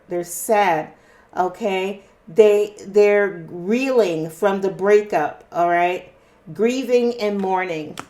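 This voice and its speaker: This tarot reader is a woman with a medium-pitched, darkish voice. She reads the cards casually and without rushing for a viewer, regularly checking in with "okay?".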